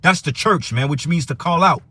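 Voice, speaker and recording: A man's voice: on the high side, normal speed, pushed and bright, breathy edge, no echo. A man teaching for a religious camp, giving a heated, profane preaching rant that reads and explains scripture.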